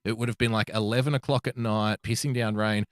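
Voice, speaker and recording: A man's voice: lowish voice, fairly even intonation, fast, no room sound, studio quality. A man co-hosting a podcast, telling a rambling, profane anecdote in casual chat. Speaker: podcast co-host.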